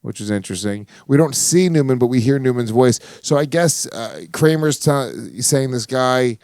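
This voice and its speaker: A man's voice: medium pitch, lively intonation, moderate pace, darkish tone, clean tone, dry recording. Casting: male podcast host, crude and teasing, dry close sound. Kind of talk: casual chat.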